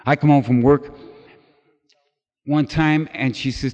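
A middle-aged man tells a personal recovery story in an animated way, putting on the voices of the people in it. The recording is dull and lo-fi, and his voice rings through a large hall with a long reverb. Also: medium pitch, moderate pace, long pauses. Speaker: recovery meeting speaker.

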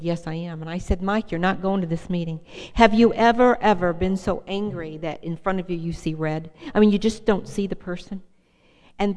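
A woman's voice: medium pitch, big-room sound. A middle-aged woman telling her personal recovery story to an audience, earnest and direct, often asking listeners questions. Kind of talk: personal testimony talk.

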